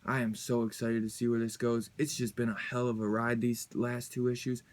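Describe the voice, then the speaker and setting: A man chatting casually about a comic book, excited and rambling in a loose, slangy way. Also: mid-range voice, moderate pace. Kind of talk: casual review chat.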